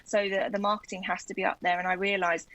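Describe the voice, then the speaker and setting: Chatty South London woman, bright voice. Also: medium pitch, flat delivery, fast, rough recording. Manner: chatty and enthusiastic, many "like"s and "you know"s. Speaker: podcast guest. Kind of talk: casual chat.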